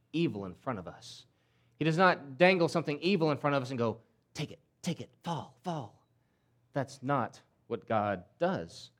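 A man preaching a sermon in an emphatic way, often repeating words and acting out quoted voices. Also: medium pitch. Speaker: pastor.

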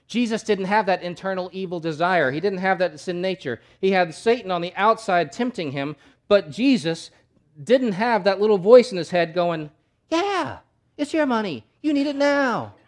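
A male pastor preaching a sermon, emphatic, asking rhetorical questions and swinging between loud and soft. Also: high voice, moderate pace.

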